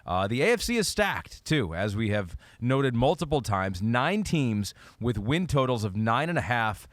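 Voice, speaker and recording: A man hosts a football podcast in easygoing, casual chat and lays out each segment plainly. His voice sits at a middle pitch. The recording is dry and close. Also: big pitch swings, measured pace, no echo. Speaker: podcast host, sportscaster.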